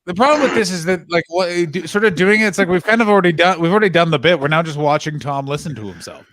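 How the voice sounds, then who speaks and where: A man's voice: a little high, fast talker, fairly bright tone, no room sound. A man hosting a comedy podcast, playful and quizzing his guest in casual chat. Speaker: podcast host.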